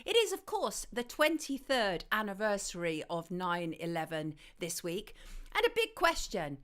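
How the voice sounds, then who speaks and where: A woman hosting a live stream, greeting viewers and reading their messages in a chatty, affectionate way, her throat slightly hoarse. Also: mid-range voice, huge pitch swings, a little slow, fairly bright tone. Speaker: host. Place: home studio in southwest London.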